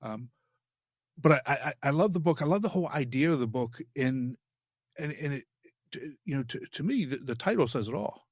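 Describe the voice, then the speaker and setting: A man hosting an interview podcast in casual chat, talking haltingly with many restarts. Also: mid-range voice, animated, breathy edge, no room sound, clean studio sound. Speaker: podcast host.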